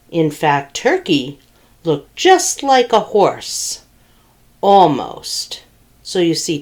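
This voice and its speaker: A woman librarian reading picture books aloud at a children's storytime, asking the children questions. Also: sits low. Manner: animated, asks children questions.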